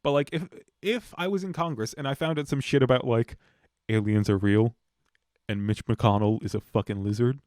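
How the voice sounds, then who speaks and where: A man's voice: medium pitch, normal speed, darkish tone, no room sound, studio quality. Joking, profane young man on a podcast. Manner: jokey, profane, does mocking voices of politicians. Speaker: podcast co-host. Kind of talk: casual banter.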